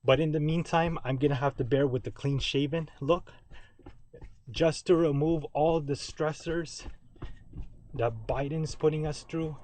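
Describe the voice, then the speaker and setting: A man's voice: fairly high pitch, fairly even intonation, measured pace, darkish tone. A man recording a rambling, ranting video message from his basement at home, repeating and correcting himself as he goes. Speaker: vlogger. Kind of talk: direct-to-camera video message.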